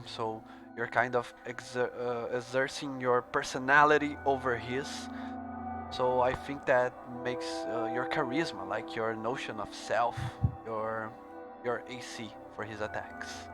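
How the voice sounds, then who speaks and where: A man running a tabletop game as game master, narrating in a halting way with many fillers, with music playing behind. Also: medium pitch, steady tone. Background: background music.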